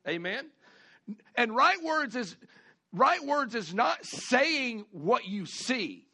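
Male pastor, high bright voice, folksy sermon delivery with call-and-response. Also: big pitch swings, slightly rough. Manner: folksy preaching with call-outs, repeats and drawn-out emphasis.

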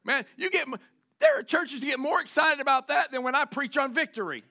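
A man preaching a sermon, animated, switching between chatty asides and loud shouted lines, acting out the people he quotes. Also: very high-pitched, a little fast. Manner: acts out the congregation and the people he quotes. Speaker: pastor.

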